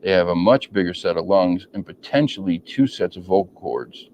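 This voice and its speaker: A man's voice: low-pitched, moderate pace, darkish tone. A man hosting a casual interview, rambling with many ums and restarts. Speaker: podcast host. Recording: dull lo-fi audio with faint noise.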